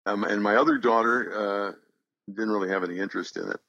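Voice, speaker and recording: An older man, a voice actor, chatting as an interview guest in a relaxed, wry storytelling way. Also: fairly low pitch, fast talker, gravelly, no room sound, lo-fi sound. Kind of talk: casual interview chat.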